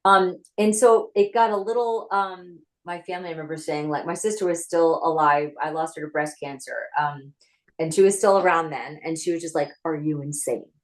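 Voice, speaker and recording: Woman, lowish voice, chatty interview guest on a video call from her home office. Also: brisk, low-quality recording. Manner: chatty, animated storytelling. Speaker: actress and screenwriter.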